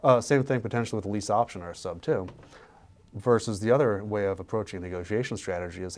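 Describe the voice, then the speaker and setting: A man who invests in real estate, talking casually on a podcast and acting out sales pitches with animation. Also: fast talker, darkish tone.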